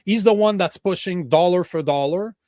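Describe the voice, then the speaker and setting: A man's voice: sits high, normal speed, darkish tone, no room sound, clean studio sound. A man with a French accent hosting a casual political podcast, heated and full of restarts. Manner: heated, swears, many restarts. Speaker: podcast host.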